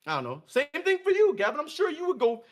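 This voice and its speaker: High, lively man in animated gaming chat. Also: quick pace. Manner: animated, swearing, laughs a lot, acts out quotes. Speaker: podcast guest.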